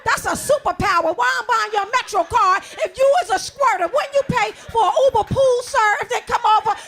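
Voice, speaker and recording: Woman, stand-up comic, very high voice, gravelly fry, brash, shouting punchlines. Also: fairly quick, slight background noise. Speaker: stand-up comedian. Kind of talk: stand-up comedy set.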